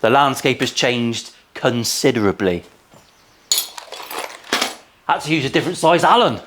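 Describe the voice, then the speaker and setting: A man's voice: mid-range voice, lively intonation, a little slow, noisy background. A man in his forties, a luthier giving casual workshop commentary full of cheeky, crude, sweary asides. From England. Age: 40s. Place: guitar workshop.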